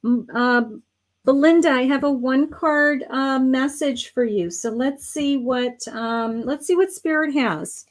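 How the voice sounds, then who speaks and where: Her voice is high-pitched and unhurried as this middle-aged psychic medium hosts a livestream reading. Soft-spoken and meandering, full of fillers and restarts, she affectionately calls viewers honey and sweetheart, sounding slightly hoarse while mentioning she's losing her voice.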